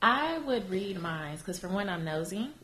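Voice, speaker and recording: A woman's voice: medium pitch, animated, moderate pace, bright, forceful tone. A woman hosting a podcast, chatting casually and laughing easily with her guest. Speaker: podcast host. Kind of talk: casual interview chat. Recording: echoey room, faint noise.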